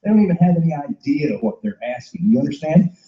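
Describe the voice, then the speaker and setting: A man's voice: on the high side, lively intonation, quick pace, roomy sound, highs cut off. A man giving an emphatic, repetitive sales training talk and acting out sales dialogues.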